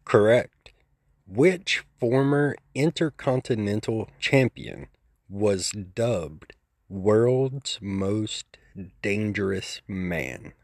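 A man reading out trivia questions and confirming answers in a measured, deliberate way. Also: fairly low pitch, animated, vocal fry, a little mellow. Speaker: trivia quizmaster.

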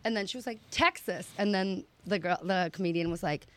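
A woman's voice: on the low side, fast. A woman, chatting casually as a podcast guest and acting out stories with quoted voices. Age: 30s. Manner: animated storyteller, acts out quotes. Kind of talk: casual chat.

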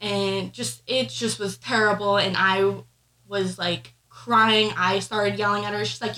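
Bright-voiced woman telling a family story. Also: medium pitch, measured pace, low-quality recording. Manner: emotional, animated retelling with many fillers. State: pregnant. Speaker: podcast co-host. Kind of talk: casual chat, personal storytelling.

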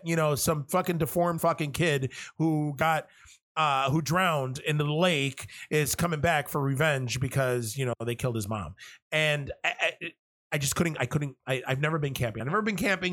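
Male host, loose profane rambler with many restarts, voice sits a touch high. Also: fairly bright tone. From half Cuban. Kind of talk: casual monologue.

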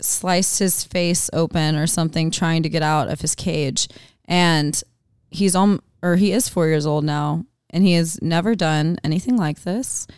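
Woman, fairly low, smooth voice, dry close mic, rambling casual storyteller. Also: no echo. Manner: chatty storyteller, many "like"s. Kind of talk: casual podcast chat.

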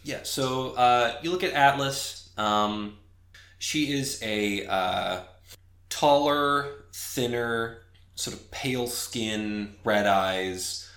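A man narrating as game master of a tabletop role-playing game, halting with many fillers. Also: medium pitch, a bit bright, reverberant.

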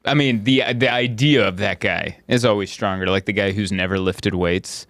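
A man, a comedian hosting a podcast, chatting casually and telling stories with animated voices. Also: normal speed, no echo. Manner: animated storytelling, jumps into loud squeaky voices and laughs. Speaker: stand-up comedian, podcast host.

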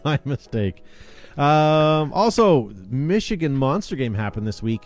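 A man's voice: on the high side, very animated, a little slow. A man hosting a casual chat show, talking in an upbeat, rambling way with plenty of fillers. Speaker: podcast host.

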